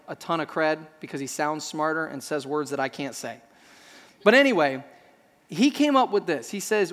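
Pastor, male, higher-pitched voice, humorous storyteller in the pulpit. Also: big-room sound. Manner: animated storytelling with self-deprecating humor. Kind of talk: sermon.

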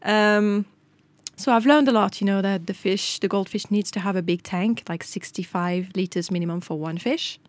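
Middle-aged woman, lively anecdote teller, dry sound. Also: mid-range voice, moderate pace, no echo. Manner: animated storytelling with quoted dialogue. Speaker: podcast co-host. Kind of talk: casual chat.

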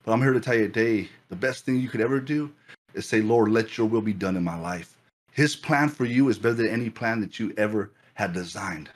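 A man preaching a fervent sermon as pastor, repeating phrases and building excitement. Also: medium pitch.

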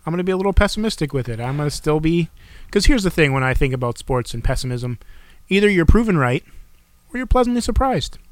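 A man chatting on a podcast, excitable and quick to laugh, often restarting his sentences. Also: a little high, no room sound. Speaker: podcast co-host. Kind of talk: casual chat.

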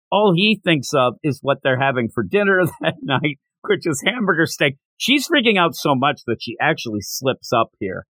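A middle-aged man co-hosting a podcast, recapping a manga chapter in casual chat, animated and dropping into silly voices when quoting characters. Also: a little high, normal speed, hardly any pauses, dry recording. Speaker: podcast co-host.

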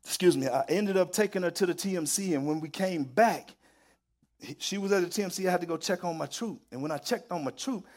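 A man preaching a sermon, telling stories with emphatic repetition and building to loud, excited peaks. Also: sits high, brisk.

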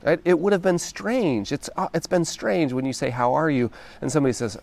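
A man hosting a solo podcast, speaking in a gentle, reflective, encouraging way and often checking in with "right?". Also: on the high side, brisk, vocal fry. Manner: conversational, often ends thoughts with "right?". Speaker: podcast host.

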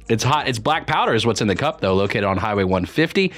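A man's voice: lowish voice, sing-song, fast, a bit bright. A man hosting a radio morning show, chatting casually with a playful, teasing manner. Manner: joking, playful, teasing asides. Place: radio studio. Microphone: studio microphone.

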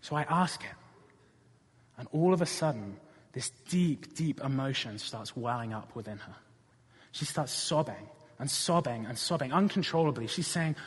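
A man's voice: on the high side, normal speed, slightly rough. A man preaching a sermon, telling a personal story with earnest conviction and then building to passionate appeals to the congregation. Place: church. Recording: reverberant church hall.

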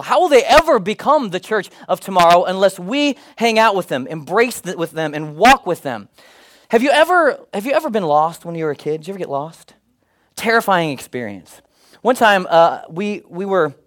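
A man's voice: sits high, low-quality recording. A middle-aged male pastor preaching a sermon, telling stories with humor and putting on voices. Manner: animated, humorous storytelling with put-on voices.

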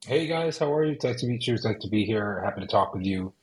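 A man in his forties, an esports company CEO, talking as a guest in a relaxed, informal way with lots of "you know" and "right?". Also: lowish voice, fast, background noise. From United States. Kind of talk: casual interview.

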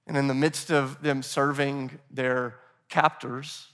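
A Nashville pastor preaches slowly in a level, medium-pitched voice with a fairly bright tone. His delivery is casual, he calls the congregation "guys," and he takes on the quoted voices of scripture figures.

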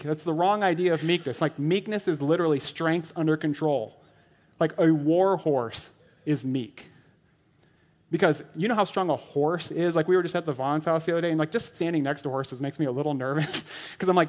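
A man in his thirties preaches in a loose, conversational way, packing his talk with "like" and chuckling at his own jokes. His voice sits a little high for a man. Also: fairly quick, a little mellow. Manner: chatty and joking, lots of "like", laughs at his own jokes. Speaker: lay elder preaching. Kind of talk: casual sermon.

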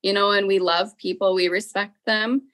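A woman's voice: mid-range voice, steady tone, moderate pace, a bit bright. Earnest woman educator reflecting aloud. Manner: earnest, with frequent "you know" fillers. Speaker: school educator. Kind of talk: reflective interview talk.

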